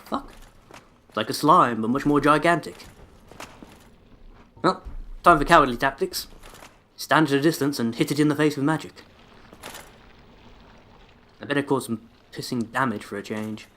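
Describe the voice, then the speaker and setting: A man's voice: medium pitch, normal speed, long pauses, pushed and bright. A man giving sarcastic, sweary running commentary while he plays a video game. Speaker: let's play host. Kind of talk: gameplay commentary.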